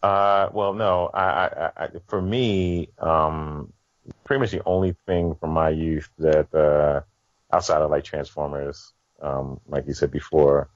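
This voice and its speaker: A man co-hosting a podcast who talks casually and haltingly with many fillers, over muffled audio. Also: a bass voice, level tone, dry recording. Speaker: podcast co-host. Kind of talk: casual chat.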